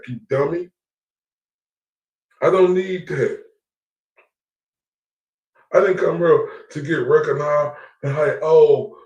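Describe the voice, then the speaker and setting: A man's voice: on the high side, a little mellow, recorded from a distance. A man streaming live, ranting defiantly with profanity and repetition. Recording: echoey room, away from the mic.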